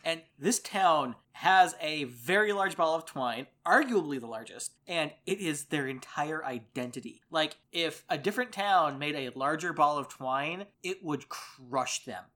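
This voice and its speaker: A man's voice: fairly high pitch, lively intonation, a little slow, few pauses, bright, forceful tone. A man co-hosting a podcast in casual chat, with a dry, self-mocking sense of humor. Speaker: podcast co-host.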